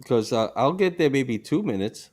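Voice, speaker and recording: A man's voice: medium pitch, lively intonation, normal speed, darkish tone. A man hosting a podcast, asking questions and joking in a casual way. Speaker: podcast host. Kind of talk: casual chat.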